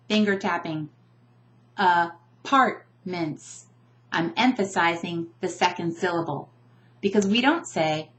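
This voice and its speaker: A woman teaching pronunciation, talking casually and drawing out example words with careful, slow enunciation. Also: lowish voice. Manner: casual, often checks in with a "right?". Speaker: language teacher. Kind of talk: explaining pronunciation to camera.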